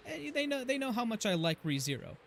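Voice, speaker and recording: A man's voice: extremely high pitch, sing-song, fairly quick, vocal fry, fairly bright tone, a little hiss or hum. A man chatting casually with viewers while he streams a game, rambling from one topic to the next and laughing easily. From United States. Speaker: gaming streamer. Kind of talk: casual live-stream chat while playing. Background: faint game music.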